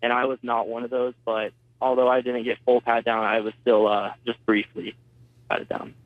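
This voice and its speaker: A man's voice: mid-range voice, level tone, moderate pace, dry recording. A teenage boy, a student, telling his story in a phone interview, hesitant and full of fillers. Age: teens. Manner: hesitant, retelling events with many fillers. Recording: tinny phone line, dry.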